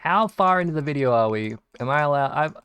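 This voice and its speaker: A young Australian man rambles through casual stories, swearing and restarting his sentences as he goes. His voice is smooth and clear, recorded close and dry with no room sound. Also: fairly high pitch, lively intonation, fast, a bit bright, dry recording. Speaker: video game streamer. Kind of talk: casual storytelling while gaming.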